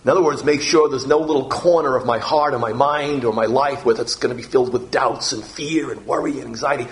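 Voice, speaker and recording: A man's voice: medium pitch, fairly quick, few pauses. A man preaching a morning sermon as pastor, earnest, repeating phrases and pushing his voice up on the key words.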